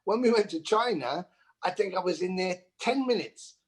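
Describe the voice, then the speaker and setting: A man's voice: high voice, animated, normal speed, breathy edge. A middle-aged man who talks as a band member guest in a rambling way, often repeating phrases for emphasis. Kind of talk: casual storytelling.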